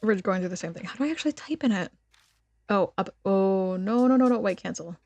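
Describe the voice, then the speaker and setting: A woman streamer with a gravelly, fry-tinged voice, bantering with her chat in a teasing, giggly way while she reads game text aloud. Her voice sits in an ordinary middle register and is recorded dry and close, with soft music in the background. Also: mid-range voice, lively intonation, fairly quick, dry recording. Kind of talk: casual gameplay commentary, reading game text aloud.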